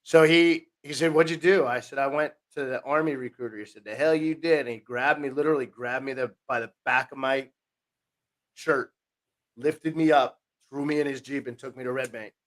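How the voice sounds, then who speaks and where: A man's voice: mid-range voice, normal speed. A man, a podcast guest telling his life story in a rambling, self-interrupting way. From New Jersey, USA. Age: 50s. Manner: rambling, self-interrupting, animated retelling with quoted voices.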